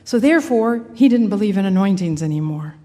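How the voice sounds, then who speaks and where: A woman's voice: medium pitch, animated, fairly quick, warm tone, big-room sound. A woman giving an earnest personal faith testimony in a conversational storytelling way, with frequent restarts. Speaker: speaker sharing a personal testimony.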